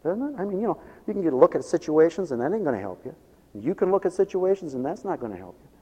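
A man preaching a sermon as pastor, swinging between quiet asides and loud emphatic calls. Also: a little high, sing-song, quick pace, breathy edge. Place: church. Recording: muffled church recording with long reverb. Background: radio ministry broadcast of a church service.

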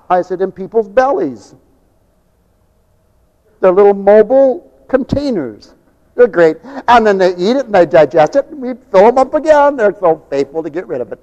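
A middle-aged man preaching a fiery sermon, swinging from loud shouts to quiet joking asides. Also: high-pitched, expressive, moderate pace, long reverb tail. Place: large church hall.

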